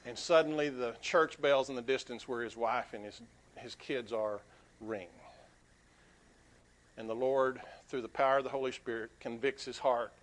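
A man's voice: mid-range voice, steady tone, moderate pace. A man preaching a sermon as pastor, telling a story earnestly with frequent restarts.

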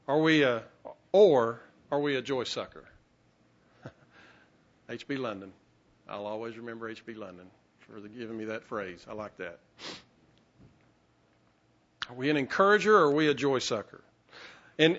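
Halting, bright-voiced preacher, lo-fi. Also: male voice, a little high. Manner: conversational, halting with many restarts and fillers. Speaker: pastor. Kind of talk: sermon.

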